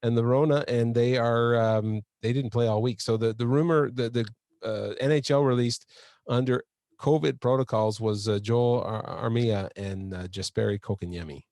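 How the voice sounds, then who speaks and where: A man's voice: medium pitch, fairly even intonation, normal speed, a little mellow, no room sound, clean studio sound. A man hosting a casual chat show, talking in a chatty way with fillers and frequent laughs. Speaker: host.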